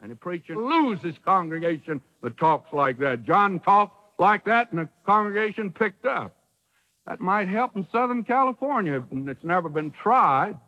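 A man's voice: high-pitched, big pitch swings, moderate pace, bright, forceful tone, big-room sound, muffled recording. A man preaching a sermon with folksy wording and dramatic quoted lines, heard on an old radio broadcast.

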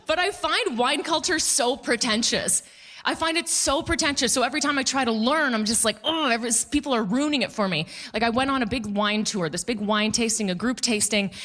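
A woman in her thirties works a comedy club stage on a handheld mic, her voice bright and a touch high. She tells stories with playful, animated energy, dropping into mock voices for the people in them. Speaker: stand-up comedian. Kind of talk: stand-up comedy set.

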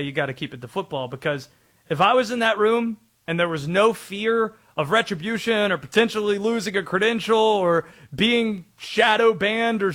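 Brief: high male sports-show co-host, playful debater. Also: fairly bright tone.

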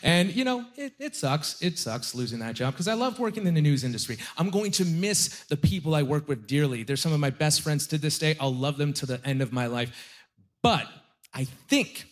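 Wisecracking stand-up comic, higher voice. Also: male voice, fairly quick. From Halifax, Nova Scotia, Canada. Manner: animated, wisecracking, lots of "like" and "you know". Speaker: stand-up comedian. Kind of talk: stand-up comedy set. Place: comedy stage before a live audience.

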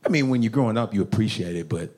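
A man doing stand-up crowd work, teasing the audience with loud bursts and acted-out parent voices. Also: fairly low pitch, lively intonation, racing. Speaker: stand-up comedian. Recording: echoey room.

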